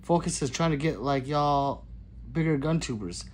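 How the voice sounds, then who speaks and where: A man's voice: a little high, normal speed, slight background noise. Man chatting loosely through a livestream. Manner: loose, joking, swings between loud greetings and mutters. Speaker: gun channel host reading live chat. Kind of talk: casual livestream chat.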